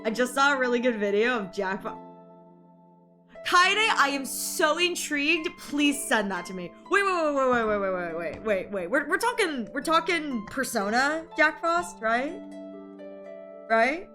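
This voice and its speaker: A woman streaming from home with a gremlin-like voice, not a cutesy one, sitting a bit high for a woman. She rambles and gets excited, with sudden squeals and laughs, and clear music plays behind her. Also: unhurried. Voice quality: gremlin-like rather than cutesy. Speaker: VTuber streamer. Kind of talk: casual stream chatter. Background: background music.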